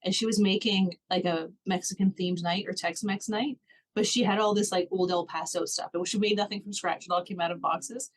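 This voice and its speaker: A woman's voice: mid-range voice, fairly even intonation, fairly quick. A woman co-hosting a casual podcast. She tells stories in a chatty, easygoing way, laughing along as she goes. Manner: chatty, storytelling, laughs often. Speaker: podcast co-host. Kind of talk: casual chat.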